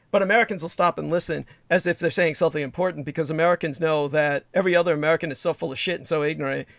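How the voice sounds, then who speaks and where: Male livestream host, slightly high-pitched, digressive and emphatic, dry close-miked sound. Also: dry recording. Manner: digressive, emphatic, profane asides. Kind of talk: rambling political monologue.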